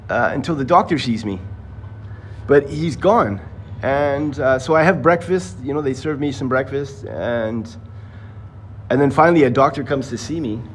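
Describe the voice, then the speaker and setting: A man rambles through a story, swearing often and acting out other people's lines. His voice sits at a middle pitch. A faint hiss of noise runs under his phone-streamed audio. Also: normal speed, low-quality recording. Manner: rambling, profane, acts out quoted voices. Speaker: livestreamer telling a personal story. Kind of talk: casual storytelling to viewers.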